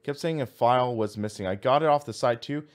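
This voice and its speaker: A man's voice: medium pitch, a little fast. A man streaming a racing sim, thinking aloud as he reads out menu items and chats with viewers. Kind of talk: casual live-stream commentary.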